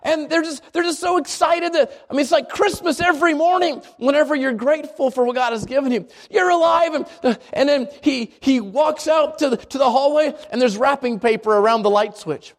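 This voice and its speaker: Very high-voiced preacher. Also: male voice, fairly quick, hardly any pauses. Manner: animated storytelling with repeated restarts. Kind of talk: sermon.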